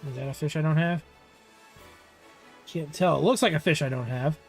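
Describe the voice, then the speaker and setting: A man's voice: fairly high pitch, normal speed, faint music behind. Joking young man streaming a game. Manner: joking, playful, slips into silly bits. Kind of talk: casual live-stream chat.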